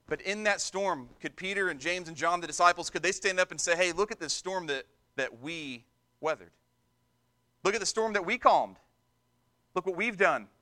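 A man preaching to his congregation with a high, bright voice. He drives his points home with emphatic repetition, rising and falling in the way a sermon does. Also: moderate pace. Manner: emphatic preaching, repeats words for stress. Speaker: pastor.

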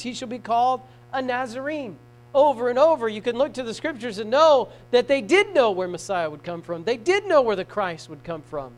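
Man preacher, really high voice, goes quiet then shouts, reads scripture, hum in the background. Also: low-quality recording. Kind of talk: sermon. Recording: mains hum.

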